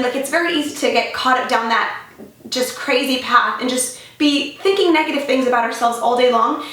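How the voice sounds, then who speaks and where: A young woman vlogging in a casual, upbeat and animated way, giving self-help advice. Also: sits high, a little fast, recorded from a distance. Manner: upbeat, animated, says "freaking" and "you guys". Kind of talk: casual motivational vlog. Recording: echoey room, away from the mic.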